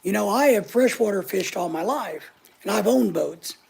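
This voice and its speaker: A woman's voice: mid-range voice, animated, moderate pace, gravelly, a little mellow, husky. An older woman hosting a casual live chat, talking in a blunt, opinionated, chatty way. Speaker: channel host answering live chat.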